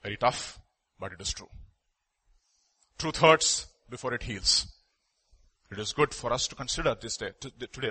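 Emphatic preacher man, bright voice. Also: medium pitch, sing-song, moderate pace, breathy edge. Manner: emphatic, swings between loud declaring and hushed confiding; reads scripture aloud, asks the congregation questions. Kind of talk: sermon.

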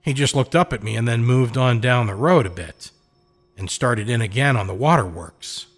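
A man's voice: medium pitch, normal speed, breathy edge. A man narrating a pulp adventure in the first person, in a hardboiled, slangy storytelling manner.

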